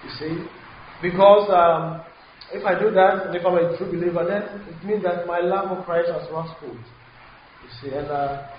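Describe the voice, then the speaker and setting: A man preaching a sermon, switching between English and Twi, halting with many fillers and restarts. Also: sits high, fairly even intonation. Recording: very echoey hall, dull lo-fi sound, faint hiss.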